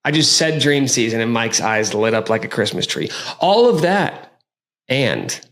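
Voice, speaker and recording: Guy hosting a sports podcast, hyped and jokey, medium pitch voice. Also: very animated, unhurried, fairly bright tone. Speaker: podcast host. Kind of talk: casual sports podcast chat.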